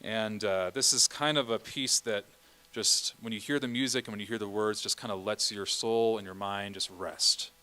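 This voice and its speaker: Leading a church choir rehearsal, a male choir director explains the music patiently in a lowish, steady voice with a sharp tone. He speaks at a moderate pace with hardly any pauses, frequently checking in with the singers with an "okay?"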